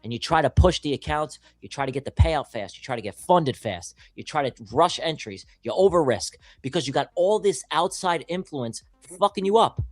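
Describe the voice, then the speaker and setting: A man's voice: on the high side, lively intonation, moderate pace, few pauses, no room sound. A young man from the New York area, a guest trader in casual livestream chat, talking bluntly and emphatically and swearing freely.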